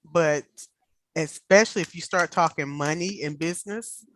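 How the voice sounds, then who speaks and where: Animated Southern woman hosting a call. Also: sits low, normal speed, slight background noise. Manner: animated, laughs often, storyteller. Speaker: host. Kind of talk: casual chat on a video call. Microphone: video call.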